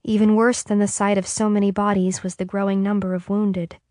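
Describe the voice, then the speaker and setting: A woman narrating an audiobook in a calm, even reading. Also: medium pitch, a little fast, dry recording, studio quality. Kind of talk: scripted narration.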